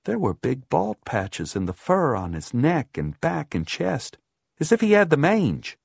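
A man reading a first-person horror audiobook, measured, dropping low and quiet on grim lines. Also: wildly swooping pitch, creaky, husky, dry recording, studio quality. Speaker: audiobook narrator.

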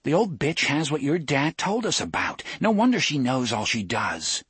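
A man's voice: a little high, very animated, moderate pace, fairly bright tone, breathy edge, no room sound, pitched above the performer's own voice, exaggerated voice. A man doing a brash, irreverent young man. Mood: wondering.

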